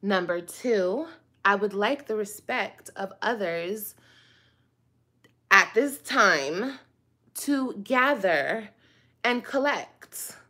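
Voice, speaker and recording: A woman hosts her own video, talking straight to her viewers in a casual, theatrical monologue. She takes her time, stretching out her words. Her tone is bright and forward. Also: medium pitch, expressive. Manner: dramatic, drawn-out, talks straight to the viewers. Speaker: online video host.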